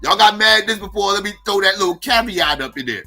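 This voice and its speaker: High, piercing man ranting in exasperation. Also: expressive, fast, few pauses, faint music behind. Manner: incredulous, exasperated, swings loud and soft. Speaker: livestream commentator. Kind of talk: profane ranting commentary.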